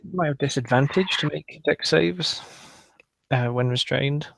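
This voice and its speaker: A man's voice: mid-range voice, a little slow, creaky, background noise. A man playing a tabletop game, talking casually as he thinks aloud. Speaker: player.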